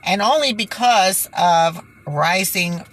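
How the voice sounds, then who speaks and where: A woman's voice: mid-range voice, slow, fairly bright tone. A woman hosting her own channel, talking in an exasperated, indignant way, sighing and stumbling over words as she reads from news reports. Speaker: channel host. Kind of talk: indignant vlog commentary.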